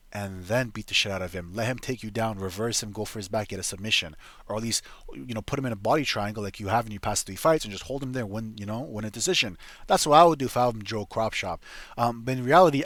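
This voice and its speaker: A man's voice: medium pitch, fairly bright tone, no echo. Profane, rambling young man, dry mic. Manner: blunt, profane, rambling with many fillers. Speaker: MMA fight predictions host. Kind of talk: casual profane fight breakdown.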